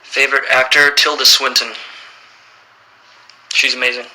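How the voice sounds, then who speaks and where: A man's voice: mid-range voice, moderate pace, low-quality recording. A man in his thirties casually reading out fan questions on a livestream and answering them plainly. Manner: relaxed, reads questions aloud then answers plainly.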